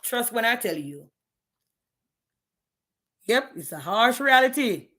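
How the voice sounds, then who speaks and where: A woman's voice: a little high, big pitch swings, slow pace, a bit bright. Blunt, profane woman ranting on a live stream. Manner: blunt and profane, fiery, challenging viewers. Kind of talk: candid live-stream rant.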